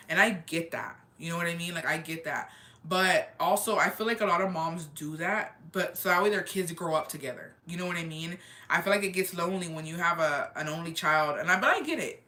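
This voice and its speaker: Candid young woman chatting, bright and forceful. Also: lowish voice, a little fast. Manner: candid, swears freely, drops Spanish phrases; emphatic, repeats phrases. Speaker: livestream host. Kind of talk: casual chat answering viewer comments.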